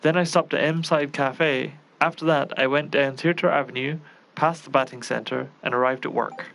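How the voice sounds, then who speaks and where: A man's voice: mid-range voice, fairly even intonation, moderate pace, creaky, fairly bright tone. A man voicing a flustered young male cook who frets and scolds himself.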